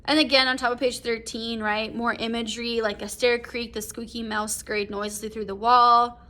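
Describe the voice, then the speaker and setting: A woman English teacher with a high-ish, sharp voice and little pitch movement speaks a little fast. She reads a short story aloud in a casual recorded lesson, then explains passages using many fillers like "um", "like" and "right?".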